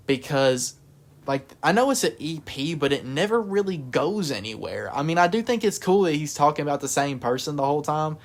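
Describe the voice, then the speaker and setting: A man's voice: fairly high pitch, lively intonation, fairly quick. A man giving a casual music review, talking in a rambling way with lots of fillers and restarts. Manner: rambling, filler-heavy, self-correcting.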